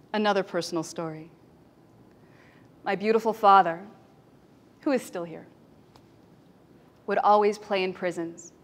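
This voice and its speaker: Dramatic woman telling stories on stage. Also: medium pitch. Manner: dramatic, emotional, swings between loud and hushed. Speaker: speaker. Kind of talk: storytelling talk on stage.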